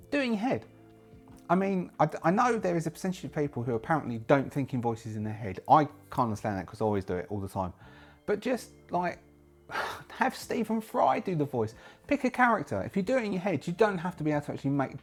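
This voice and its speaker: A man's voice: on the high side, fast talker. A man talks casually to his viewers about solo roleplaying games. His voice rises and falls a lot as he rambles and corrects himself. Faint music plays underneath. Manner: rambling, self-correcting, lively. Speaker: solo roleplaying channel host. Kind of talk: casual talk to camera.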